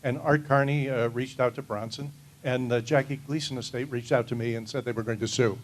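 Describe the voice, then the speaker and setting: A man on a convention panel recalling past events in a dry, deadpan, teasing way. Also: mid-range voice, a little fast, slight background noise, rough recording. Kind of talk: anecdotal panel talk.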